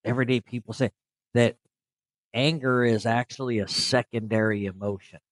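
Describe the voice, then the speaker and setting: A man's voice: medium pitch, steady tone, normal speed, no room sound, poor audio. A man co-hosting a podcast, speaking candidly and reflectively in casual conversation. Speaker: podcast co-host.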